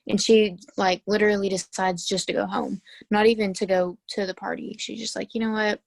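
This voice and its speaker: A woman's voice: mid-range voice, flat delivery, brisk, gravelly, dry recording. A teenage girl on a video call, chatting emphatically about a book with classmates. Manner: emphatic, talkative. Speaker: student in book discussion. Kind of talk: casual video call discussion.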